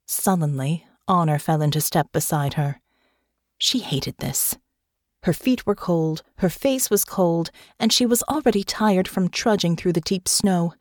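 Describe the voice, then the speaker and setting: A woman narrating an audiobook in an expressive, measured storytelling manner. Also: on the low side, dry recording, studio quality. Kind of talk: scripted narration.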